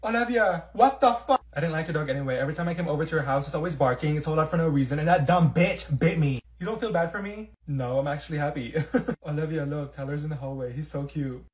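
A young man performing short comedy skits, trading blunt insults in sassy voices. His voice sits a little high for a man. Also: rapid-fire. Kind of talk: comedy skits playing several characters.

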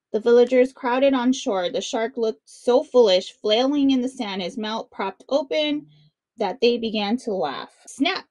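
A woman reading a children's picture book aloud with expressive, dramatic narration. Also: fairly high pitch, unhurried, no echo. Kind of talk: read-aloud storytelling for children.

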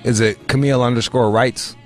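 A man's voice: mid-range voice, fairly even intonation, a little fast, soft background music. A man from Michigan hosting a podcast, telling stories in rambling, profane casual banter. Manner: rambling, profane, restarts a lot. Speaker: podcast host.

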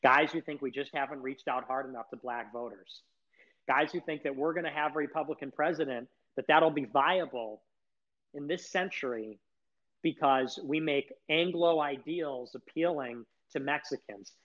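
A man's voice: on the high side, moderate pace, a bit bright. A man hosting a live audio chat room, talking in a rambling, sarcastic monologue with mocking laughs. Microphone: streaming audio over the internet. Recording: dull lo-fi online audio.

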